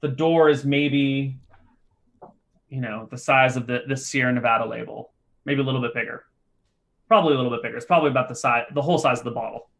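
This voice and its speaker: A man narrating as game master, describing scenes in an easygoing, lively way. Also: medium pitch, fast.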